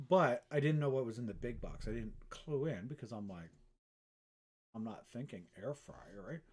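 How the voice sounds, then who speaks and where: Middle-aged guy rambling on a live stream, swears a lot, pokes fun at himself, average pitch. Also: expressive, normal speed, a little mellow, slightly rough. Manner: rambling, self-mocking, swears freely. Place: his art studio.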